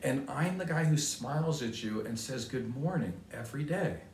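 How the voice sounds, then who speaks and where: A man's voice: mid-range voice, expressive, normal speed, a little hiss or hum, natural voice. A man voicing a cheerful, friendly older neighbor. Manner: warm and upbeat, loud enough to be heard. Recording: roomy sound from a distance.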